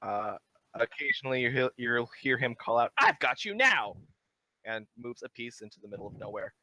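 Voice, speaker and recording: A man's voice: medium pitch, fairly even intonation, fairly quick, pushed and bright, poor audio. A man narrating a tabletop game as dungeon master in a playful way. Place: home room on a live stream.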